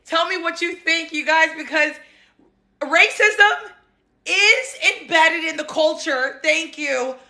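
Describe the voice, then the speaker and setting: Woman, 30s, show host, very high voice, bright tone, sassy, animated, laughing often, casual commentary. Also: takes it slowly.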